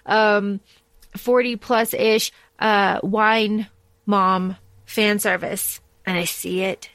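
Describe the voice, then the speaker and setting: A woman's voice: medium pitch, level tone, extremely slow, a bit bright, no echo. A woman co-hosting a book podcast in casual chat, blunt and swearing freely, acting out scenes as she retells them. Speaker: podcast co-host.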